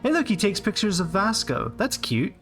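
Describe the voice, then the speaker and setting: Animated late-twenties streamer man. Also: high voice, moderate pace, soft background music. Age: late 20s. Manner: rambling, casual, swears freely. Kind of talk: live gameplay commentary.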